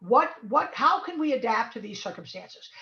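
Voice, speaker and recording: A woman's voice: fairly high pitch, big pitch swings, moderate pace, sharp tone, echoey room, lo-fi sound. A woman speaking as a guest in an online talk, giving emphatic and encouraging advice over a video call. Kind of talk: webinar talk.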